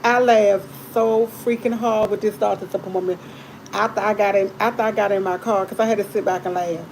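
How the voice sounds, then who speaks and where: The audio is poor and a bit noisy as this live stream host recounts a story at a fairly quick clip in her mid-range voice. She sounds animated and fed up, repeating lines, speaking colloquially and swearing without restraint.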